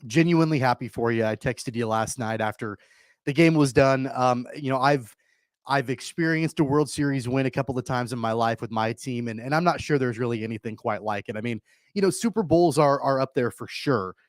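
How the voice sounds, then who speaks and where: A man co-hosts a sports radio show, his voice sitting at a middle pitch. He speaks earnestly and at a measured pace, leaning on fillers as he talks. The studio sound is dry, with no room echo. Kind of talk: casual sports talk. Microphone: studio microphone.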